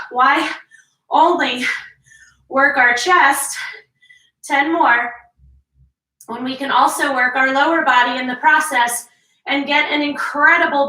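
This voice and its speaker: Middle-aged woman fitness coach, high bright voice, winded, slow encouraging rep counts, echoey room, mic set back. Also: recorded from a distance. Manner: encouraging, counts reps, explains form. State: out of breath, sighing between sets. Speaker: fitness instructor. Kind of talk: workout instruction.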